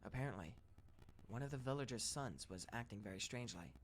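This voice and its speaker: A man narrating first-person scary stories in a steady, even read-aloud delivery. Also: mid-range voice, brisk. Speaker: story narrator.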